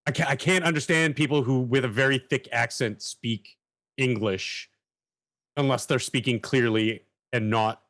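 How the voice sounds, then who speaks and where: A man's voice: medium pitch, moderate pace, fairly bright tone. Exasperated male panelist on a rant. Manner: exasperated ranting. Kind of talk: casual panel chat.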